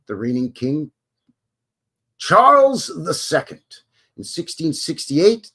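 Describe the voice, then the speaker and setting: A Canadian man hosting a live stream, reading history aloud with sarcastic, joking asides and greeting viewers. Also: medium pitch. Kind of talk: casual commentary while reading aloud.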